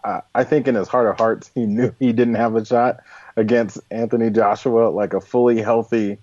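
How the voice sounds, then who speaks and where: A man's voice: on the low side, steady tone, normal speed, a little mellow, dry recording, muffled recording. A man co-hosting a casual combat sports podcast, blunt and teasing in tone. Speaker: podcast co-host.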